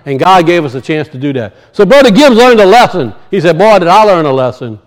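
A man preaching a sermon and telling stories, swinging from loud high peaks to low muttered asides. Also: very animated, brisk, rough recording. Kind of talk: sermon with storytelling.

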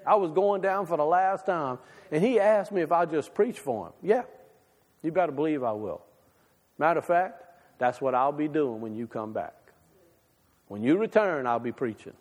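A pastor delivers a folksy, conversational sermon in a church sanctuary, his slightly high voice moving at a moderate pace with lively intonation. He alternates between raised, emphatic lines and hushed ones, and a long church-hall reverb trails his words.

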